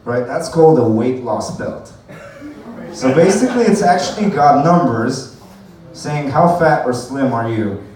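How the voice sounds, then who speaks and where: A man's voice: mid-range voice, animated, unhurried, a little mellow. A man doing a stand-up comedy set at an open mic night, rambling, swearing and laughing at his own jokes. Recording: echoey room from far off, faint noise.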